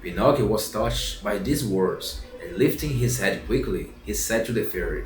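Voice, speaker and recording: Low-voiced man reading a storybook aloud. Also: animated. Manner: halting, restarts and repeats phrases. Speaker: reader. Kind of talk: storybook narration. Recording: roomy echo, distant mic, faint music.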